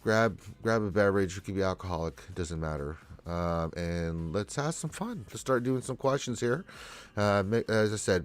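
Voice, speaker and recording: A congested man with a lowish voice hosts a live stream, rambling along in a laid-back, chatty way as he answers viewers. His stuffy sound comes through a dry, close recording with no room around it. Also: no room sound. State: congested from allergies. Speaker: livestream Q&A host. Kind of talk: casual live-stream chat.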